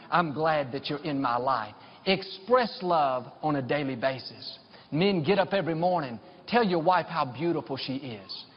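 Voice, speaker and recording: A man's voice: a little high, slightly rough. A middle-aged male pastor preaching a sermon, telling personal stories and building to fervent declarations of blessing. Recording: dull sound with long hall reverb.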